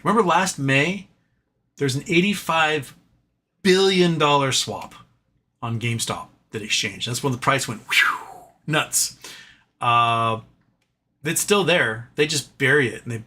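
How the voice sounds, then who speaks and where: A man's voice: mid-range voice, sharp tone. Rambling man hosting a live stream. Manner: rambling, self-deprecating, sighs and swears. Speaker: livestream host reading viewer chat. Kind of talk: casual live-stream market chat.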